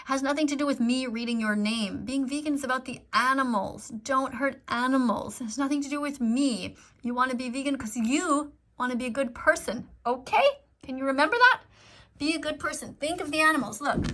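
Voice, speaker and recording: A woman's voice: sits high, fairly quick, fairly bright tone. A middle-aged woman reading out live-stream comments in casual chat, earnest and pleading as she lectures her viewers.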